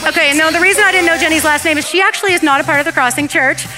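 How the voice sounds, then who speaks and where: A woman pastor preaching on a church stage and interviewing guests, in a lively, chatty, laughing way. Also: high voice, rapid-fire, over music.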